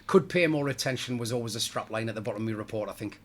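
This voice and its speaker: Fast-talking panto comic. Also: male voice, medium pitch, a bit bright. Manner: chatty and jokey, laughs at his own stories. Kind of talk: casual interview chat.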